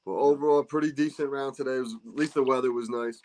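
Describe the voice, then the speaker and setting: A man's voice: medium pitch, steady tone, quick pace, a little mellow. A man hosting a casual golf podcast, talking loosely with friends, swearing and laughing. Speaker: podcast host. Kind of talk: casual chat.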